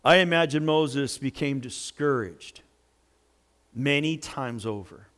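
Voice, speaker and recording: A male pastor preaching a sermon in a jokey, animated way, with sudden loud outbursts. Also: medium pitch, takes it slowly.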